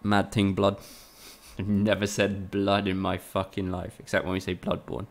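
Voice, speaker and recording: Gravelly, low-voiced man streaming games. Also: little pitch movement, moderate pace. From Spain. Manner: chatty, swears freely, banters with chat. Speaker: game streamer. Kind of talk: casual live-stream commentary.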